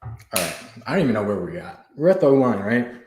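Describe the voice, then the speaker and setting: A man's voice: on the low side, very animated, fast talker, darkish tone, echoey room, a little hiss or hum. A young man hosting a fan livestream in casual chat, hyped and out of breath, laughing as he talks to viewers from his home. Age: young adult. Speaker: fan podcast host. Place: home room. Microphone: camera on the floor.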